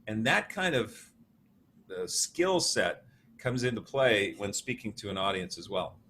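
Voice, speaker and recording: Animated, laughing male storyteller. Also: fairly low pitch, measured pace, slight background noise. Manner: animated storyteller, laughs often, acts out quotes. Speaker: guest, motivational speaker. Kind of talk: conversational interview.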